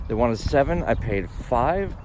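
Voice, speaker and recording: A man chatting to the camera in a casual vlog, excited and self-mocking, talking from his car and at garage sales. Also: mid-range voice, a little slow, background noise. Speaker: reseller vlogger.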